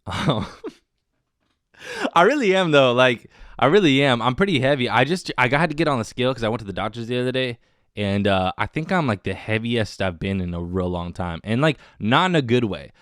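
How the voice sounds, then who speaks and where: Male podcast host, solo casual chat, wired and self-mocking; smooth voice, dry close sound. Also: mid-range voice, brisk, a bit bright, no room sound. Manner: rambling, self-mocking and jokey. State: wired on coffee.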